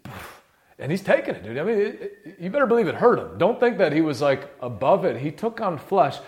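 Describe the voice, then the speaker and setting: A man preaching a sermon in a casual, slangy way, dropping to hushed, low murmurs and rising to loud, impassioned peaks. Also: huge pitch swings, normal speed.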